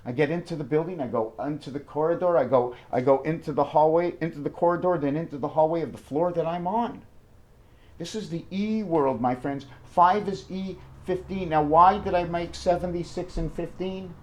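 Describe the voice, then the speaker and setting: A man in a rambling monologue, jumping excitedly between numbers and firing off rhetorical questions. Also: moderate pace. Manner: wide swings in pitch and loudness. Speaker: numerology video maker.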